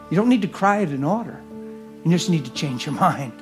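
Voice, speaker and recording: A man preaching a sermon and leading prayer, earnest, moving between hushed whispers and loud exclamations. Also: on the high side, animated, brisk, soft background music. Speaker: guest preacher. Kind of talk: sermon with altar call and prayer. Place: church service.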